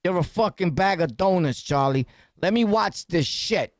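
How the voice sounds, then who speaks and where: A man with a New York City accent, hosting a podcast and reacting to news clips in loud, profane, laughing street talk. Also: high voice, lively intonation, normal speed, no room sound, studio quality. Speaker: podcast host.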